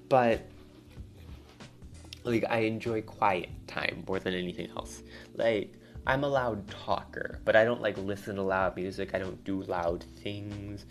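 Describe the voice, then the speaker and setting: Young man ranting with rising intensity. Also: on the low side. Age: young adult. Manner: rambling, swears a lot, voice climbs when riled up. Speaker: college student venting to camera. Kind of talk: casual rambling monologue.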